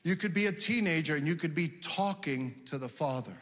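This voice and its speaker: A man preaches a sermon to his congregation, his slightly high voice climbing into shouted emphasis at its peaks. The sound carries a long reverb from the church hall around him. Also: expressive, brisk. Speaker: pastor.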